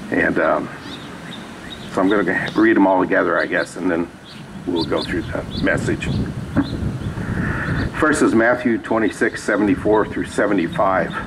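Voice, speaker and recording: Low-voiced man preaching casually. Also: normal speed, gravelly, long pauses, background noise. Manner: conversational, reads scripture aloud with asides. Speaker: pastor. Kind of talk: sermon. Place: small church sanctuary.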